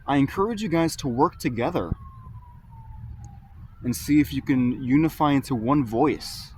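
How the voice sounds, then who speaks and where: A man sits in an outdoor cemetery at dusk, recording into a phone strapped to his arm. He calls out to spirits in a slow, coaxing voice and breaks off for relaxed asides to his viewers. Faint traffic hums in the background. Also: medium pitch. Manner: calm, slow, coaxing call-outs mixed with casual asides to viewers. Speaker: paranormal vlogger. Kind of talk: ghost-hunting vlog, calling out to spirits.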